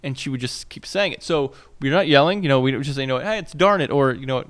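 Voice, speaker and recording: A man's voice: mid-range voice, fast talker. A man in his thirties co-hosting a podcast, talking casually and rambling with lots of fillers and restarts. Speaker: podcast co-host. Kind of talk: casual chat. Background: landscaping noise outside.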